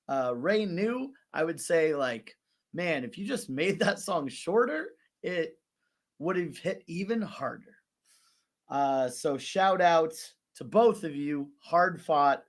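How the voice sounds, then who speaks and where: Man, casual recap host, swears and jokes, animated rising and falling voice, fairly high. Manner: animated, profane and joking. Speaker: host of an online rap tournament.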